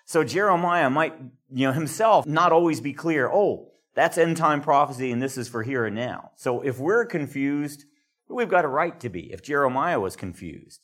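Older male Bible teacher, earnest classroom lecture, slightly raised pitch. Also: normal speed. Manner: earnest, animated when reading out quotes.

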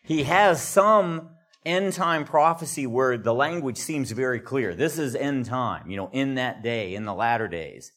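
An older man teaching a classroom Bible lecture in an earnest manner, growing animated when he reads quotes aloud. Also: medium pitch, unhurried.

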